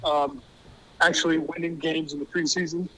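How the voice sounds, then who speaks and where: A man's voice: fairly high pitch, little pitch movement, moderate pace, bright, forceful tone, slight background noise, poor audio. A man calling in to a podcast as a guest, talking in an earnest, good-humored way. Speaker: phone-in guest. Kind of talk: casual conversation.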